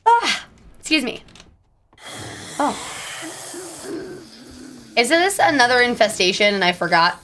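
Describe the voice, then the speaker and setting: A young woman talks to her live viewers in a casual, slightly high voice. She pokes fun at herself and jumps into squeaky yelps when something catches her off guard. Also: sing-song, a little slow, pauses often, pushed and bright, a little hiss or hum. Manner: bubbly, self-deprecating, bursts into squeaky high exclamations. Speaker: streamer.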